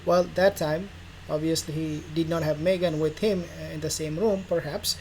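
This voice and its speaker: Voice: mid-range voice, fairly even intonation, moderate pace, darkish tone, poor audio. A royal news vlogger who rambles casually and sarcastically, acting out imagined dialogues. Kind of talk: casual commentary vlog. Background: faint background noise.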